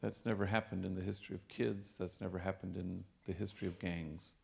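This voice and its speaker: Gravelly-voiced priest telling stories. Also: male voice, low voice, level tone, fairly quick. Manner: warm anecdotal storytelling with Spanish phrases. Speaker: priest and speaker. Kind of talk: storytelling lecture. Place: lecture hall.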